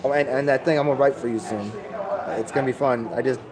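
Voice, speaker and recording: A man's voice: medium pitch, quick pace, a crowd in the background, poor audio. A man rambling casually to his live-stream viewers, laid-back and profane, often restarting his sentences. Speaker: livestreamer answering chat.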